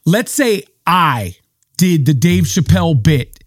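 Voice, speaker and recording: A man's voice: a little high, takes it slowly, dry recording, studio quality. A man co-hosting a casual talk show, arguing heatedly, swearing and restarting his sentences. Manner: animated, profane, repeats and restarts.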